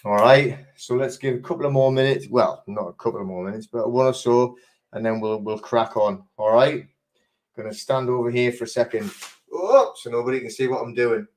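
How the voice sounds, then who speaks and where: A middle-aged man from England runs a casual live-stream chat. He greets viewers and drifts into personal stories, talking loosely with lots of fillers and restarts. His voice sits at an ordinary pitch for a man. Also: fairly quick, a little mellow. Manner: rambling, chatty, many fillers and restarts. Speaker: host of a live online chat.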